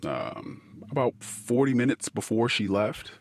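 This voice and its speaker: A middle-aged man hosting a podcast, telling a personal story in a halting, emotional way that drifts into quiet asides. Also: mid-range voice, very animated, no room sound. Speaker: podcast host.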